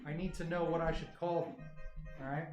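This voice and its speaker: Excitable man chatting on a livestream. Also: a little high, fairly quick, muffled recording. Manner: excitable, rambling, talks to chat. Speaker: livestream host. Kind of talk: casual livestream chat. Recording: roomy echo, faint music.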